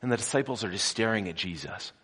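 A man preaching a sermon, telling the story dramatically and swinging between loud, forceful passages and hushed ones, often putting questions to his congregation. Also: fairly low pitch, animated, fast talker, slightly rough. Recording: long hall reverb.

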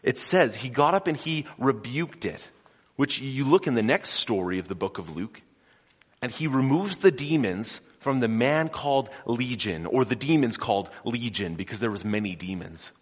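A man delivers a sermon, telling the story dramatically as he swings between loud, forceful stretches and hushed ones, often questioning his congregation. His mid-range voice is expressive and slightly rough, at normal speed, with long hall reverb.

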